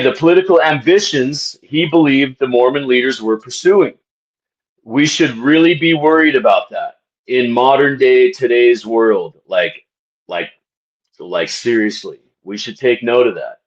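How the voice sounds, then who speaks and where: Slow, emphatic man, muffled recording. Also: mid-range voice. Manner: emphatic, repetitive, rhetorical questions, frequent "right?"; mock-preacher address to viewers. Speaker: channel host discussing a book. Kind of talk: casual commentary to camera.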